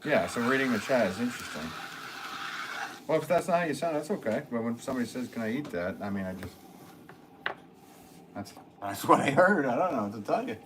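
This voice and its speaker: A man's voice: medium pitch, sing-song, a little fast, long pauses, background noise. A man, a potter, chatting casually and playfully with his livestream chat while he works. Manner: playful, joking, answers chat. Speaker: potter streaming live.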